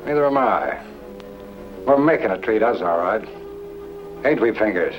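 A man's voice: lowish voice, lively intonation, moderate pace, lo-fi sound, soft background music, lightly acted. A man playing a sly taunting outlaw. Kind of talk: 1940s radio drama acting.

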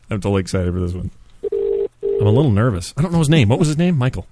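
A man's voice: on the low side, sing-song, brisk, heavy background noise. A man hosting a casual comedy talk show, joking and laughing often as he chats and phones a caller. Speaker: show host.

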